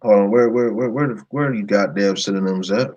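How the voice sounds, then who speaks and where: A man hosting an online video, slowly reading long word lists off his screen and breaking in with blunt, indignant remarks. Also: lowish voice, darkish tone, highs cut off. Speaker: video host. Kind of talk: screen-share commentary reading from a list.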